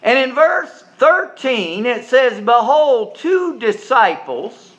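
A man preaching a sermon, folksy and emphatic, jumping from quiet asides to loud stressed lines and often repeating words as he starts a sentence. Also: high voice, big pitch swings, slow, muffled recording.

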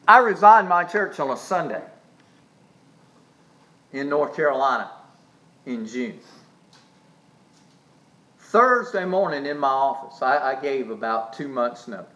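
A male pastor preaching a sermon, with dramatic swings between soft asides and shouted emphasis, sometimes drawing words out slowly. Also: mid-range voice, big pitch swings, low-quality recording.

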